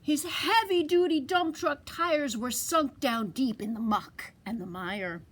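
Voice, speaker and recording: A woman's voice: sits high, a little slow. A woman librarian reading a picture book aloud to young children, sing-song and asking them questions. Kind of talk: storytime read-aloud.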